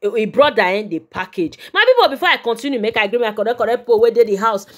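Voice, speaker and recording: Animated Nigerian woman, gossip vlogger. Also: fairly high pitch, fast. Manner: animated, talks straight to her viewers. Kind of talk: celebrity gossip commentary.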